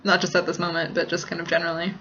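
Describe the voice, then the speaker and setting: A woman's voice: on the low side, monotone, racing, fairly bright tone, lo-fi sound. A woman vlogger answering viewer questions in casual, rambling chat full of "like," recorded in a small apartment kitchen. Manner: rambling, heavy use of "like".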